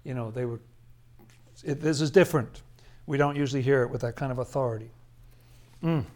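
A man's voice: mid-range voice, brisk, darkish tone. Chatty, chuckling Bible study leader, a man. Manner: chatty, chuckles often, emphatic asides. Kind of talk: casual scripture commentary.

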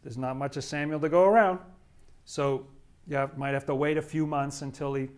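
A man leading an informal Bible study, commenting on the readings in a chatty, halting way with fillers, restarts and chuckles. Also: a little high, fairly even intonation.

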